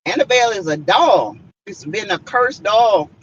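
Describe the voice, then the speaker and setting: Her voice is mid-range and expressive at a normal speed: a Southern US woman hosting a laid-back live stream, chatty and peppering her talk to viewers with "y'all" and "mm-mm." The lo-fi stream audio is slightly muffled, with a little hiss or hum.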